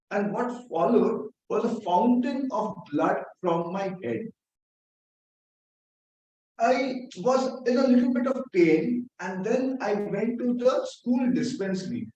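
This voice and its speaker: Man, from India, unhurried storytelling speech, acts out quotes, very roomy echo. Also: high voice. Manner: animated storytelling with acted quotes and sound effects. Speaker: club speaker. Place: meeting room. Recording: echoey hall, mic from far off.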